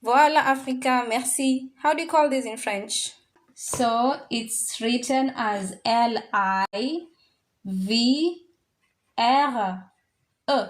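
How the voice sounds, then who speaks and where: A woman teaches French to a class, with a fairly high voice. She talks slowly and patiently, repeating each word several times so the students can follow. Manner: slow, repetitive drilling of words; mixes in Swahili phrases. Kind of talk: classroom language lesson.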